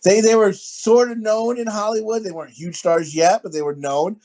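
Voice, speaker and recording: A man co-hosting a casual podcast chat, crude, rambling and excitable, often talking over others. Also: high-pitched, normal speed. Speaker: podcast co-host.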